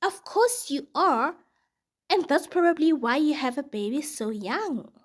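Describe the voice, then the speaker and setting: A woman voicing a rude old woman who scolds a stranger with harsh contempt, pitched well above her own voice. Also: expressive, unhurried. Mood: scornful.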